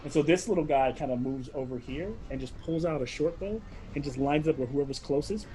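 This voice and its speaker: A man's voice: on the high side, a little fast, dark tone. A man narrating a tabletop game as game master, rambling along with lots of fillers.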